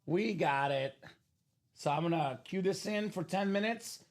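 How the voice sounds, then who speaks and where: A man's voice: high voice, measured pace. A man hosting a live trading card break stream, chatting with his co-host and explaining the rules to viewers. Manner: animated, explains rules to chat. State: coughing, losing his voice. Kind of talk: live stream sales chat.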